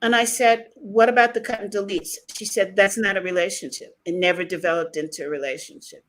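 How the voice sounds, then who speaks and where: A woman's voice: medium pitch, a little fast. A woman from the United States hosting an interview, telling stories with lots of laughter. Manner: animated storyteller, laughs often. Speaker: podcast host. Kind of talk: conversational interview.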